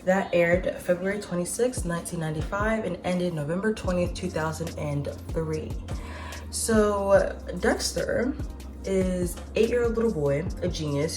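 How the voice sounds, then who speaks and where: A woman in her twenties talks through a casual vlog in a slightly low voice. She is chatty and slangy, tosses in swears and side remarks, and music plays clearly in the background. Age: 20s. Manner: chatty, slangy and profane, with asides and laughs. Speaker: vlogger host. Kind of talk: casual nostalgic chat.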